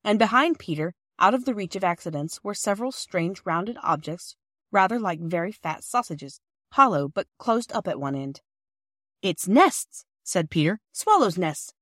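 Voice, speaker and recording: A woman narrating a classic children's story as the podcast's reader and host, in a clear, even reading voice. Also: medium pitch, normal speed, no echo, clean studio sound.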